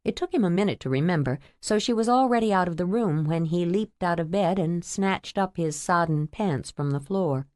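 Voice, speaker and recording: A woman narrating a romance novel audiobook in a measured, intimate storytelling manner. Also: on the low side, expressive, a little mellow, no echo, clean studio sound.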